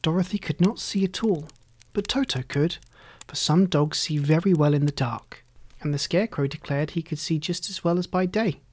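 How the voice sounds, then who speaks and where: A storyteller reading a classic children's story aloud in a calm, measured narration. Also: medium pitch, dry recording.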